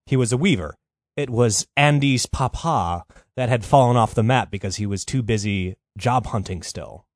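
A man's voice: medium pitch, normal speed, no echo, studio quality. Profane rambling male storyteller. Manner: rambling, profane, lots of fillers like "you know". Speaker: podcast host telling a history story. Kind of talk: casual comedic storytelling.

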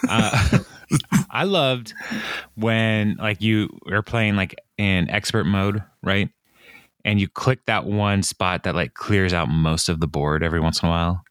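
Guy recapping a show, lowish voice, dry sound, keeps laughing. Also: fairly even intonation, measured pace, a bit bright, no echo. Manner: laughs often, acts out lines in a raised voice. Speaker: podcast co-host. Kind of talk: casual chat recapping a TV episode.

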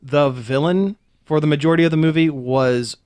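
A man's voice: on the high side, moderate pace, darkish tone, clean tone, no echo. A man hosting a casual film discussion, chatty and steering the conversation between topics.

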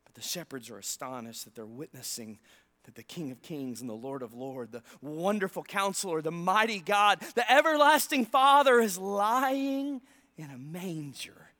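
A male pastor with a high-pitched voice delivers a sermon in church. He reads and retells scripture dramatically, rising to loud emphasis and then dropping to near-whispers. Between passages he talks casually with the congregation and asks them for responses. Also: animated, normal speed.

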